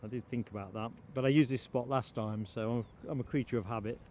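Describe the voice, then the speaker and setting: A man's voice: medium pitch, fairly even intonation, fast talker, warm tone, muffled recording, a little hiss or hum. A man hosting a live plane spotting stream from a mound beside an airport, chatting casually, reading out viewer comments and thanking people by name. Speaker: livestream host. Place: outdoors on a grassy mound beside an airport runway.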